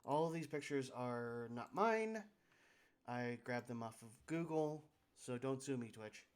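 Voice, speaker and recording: A man's voice: medium pitch, lively intonation, measured pace, smooth. A young man running a tabletop game on a live stream, narrating casually with restarts and fillers. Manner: casual, rambling, self-correcting.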